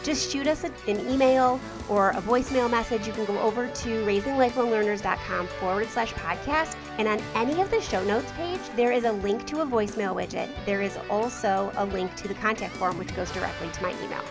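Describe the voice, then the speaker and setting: A woman's voice: medium pitch, fairly quick, few pauses. A woman podcast host talking in a chatty, enthusiastic way. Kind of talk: podcast ad read and talk. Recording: music bed behind voice.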